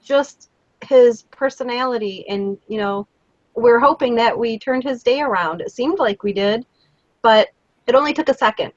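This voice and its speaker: A woman's voice: a little high, moderate pace, no echo, muffled recording. A woman co-hosting a casual live show, telling stories and encouraging kindness in an earnest way. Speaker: co-host of a daily live show. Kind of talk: casual live-stream chat.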